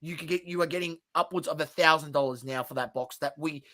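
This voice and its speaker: A man's voice: fairly high pitch, fast, sharp tone. A man co-hosting a casual podcast, explaining points with frequent stammered restarts. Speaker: podcast co-host. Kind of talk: casual chat.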